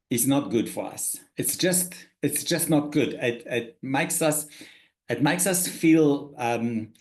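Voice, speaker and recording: A man's voice: medium pitch, a little mellow. A man presenting a spoken workshop lecture to participants, earnest and emphatic, often restarting and repeating words as he works through his points.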